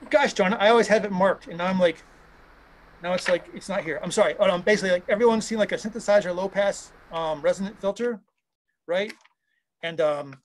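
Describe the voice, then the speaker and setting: Excitable guy in his 50s, kinda high voice, rambles and cuts himself off a lot. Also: a little fast, slight background noise. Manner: rambling, enthusiastic, self-interrupting. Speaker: guest, audio software founder and engineer. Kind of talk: casual interview chat.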